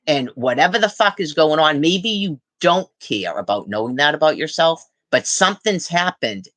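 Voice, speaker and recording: A woman's voice: low voice, a bit bright, no room sound. A woman on a live stream, ranting angrily and swearing hard, tagging her accusations with "okay?". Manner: angry, profane, accusing; repeats "okay?" as a tag.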